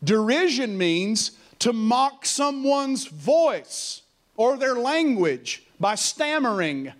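High-voiced animated male preacher. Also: slow. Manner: animated preaching with call-and-response; mocking stammer and high laughing voices for effect. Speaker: pastor. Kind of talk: sermon.

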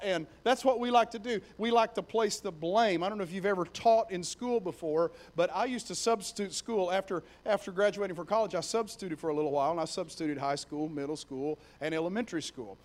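A young man with a notably high voice delivers a sermon. He tells it like a story, chatty and animated. He jumps between plain narration and lively retellings. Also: brisk, hardly any pauses. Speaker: preacher.

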